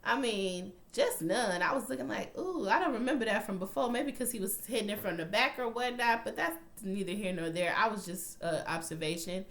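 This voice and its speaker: A young woman recaps a TV episode in casual, profane chat, her voice sitting at a middle pitch. She retells the scenes bluntly and slips into quoted lines as she goes. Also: normal speed, hardly any pauses. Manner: profane, blunt, animated storytelling with acted-out quotes. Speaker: TV recap vlogger.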